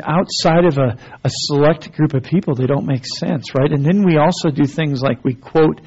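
A preacher giving a sermon in a church, his voice sitting a bit high with a husky edge. He talks conversationally, stumbling over restarts, then presses into emphatic runs. The recording sounds dull and lo-fi. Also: darkish tone. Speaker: pastor. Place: church sanctuary.

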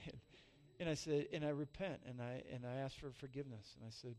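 A pastor in his forties preaching a sermon, telling a self-mocking personal story with loud peaks and soft, emotional drops. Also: medium pitch, a little fast.

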